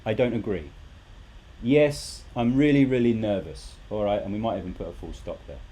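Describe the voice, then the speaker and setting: A man's voice: fairly low pitch, moderate pace, mellow, husky. A man teaching a live English lesson, talking animatedly and repeating rhetorical questions to his students.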